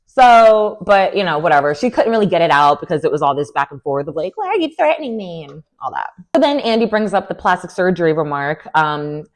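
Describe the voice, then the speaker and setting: Woman, young adult, sassy, animated, slightly low voice, reality TV recap. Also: a little fast, few pauses. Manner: animated, sassy, lots of "like" and "girl". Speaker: recap vlogger.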